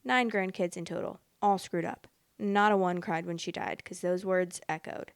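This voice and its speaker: Expressive young woman podcast host, dry close mic. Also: on the low side, normal speed, creaky, clear, resonant tone, no echo. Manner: expressive, reads posts aloud then reacts bluntly. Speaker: podcast host reading stories. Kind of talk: casual storytime reading.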